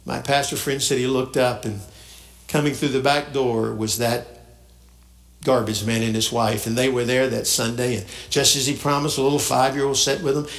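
A man's voice: medium pitch, steady tone, normal speed, roomy sound. Folksy male preacher telling a story. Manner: folksy storyteller acting out quoted voices. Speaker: pastor. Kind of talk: sermon storytelling.

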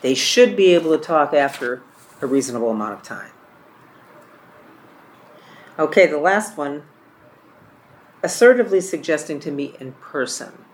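A trainer takes a class page by page through a training book on phone skills for caregivers, reading each example aloud and often repeating or correcting words. The mid-pitched voice is expressive, moves at a normal speed, and pauses often. Faint room noise hums underneath.

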